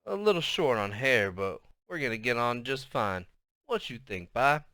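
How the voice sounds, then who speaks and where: A man voicing an elderly grandmother with a Southern US accent, loud, bossy and doting, speaking in a high, drawling voice. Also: animated, moderate pace, smooth, dry recording, clean studio sound.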